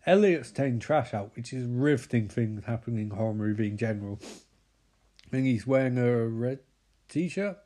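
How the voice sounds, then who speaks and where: A man's voice: medium pitch, normal speed, mellow. Sarcastic man riffing on a movie. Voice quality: sarcastic, mocking. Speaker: movie recap commentator.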